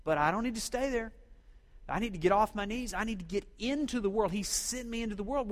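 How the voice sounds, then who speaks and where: A man's voice: high voice, big-room sound. A middle-aged man from Oklahoma, a pastor preaching a sermon and drawing responses from his congregation.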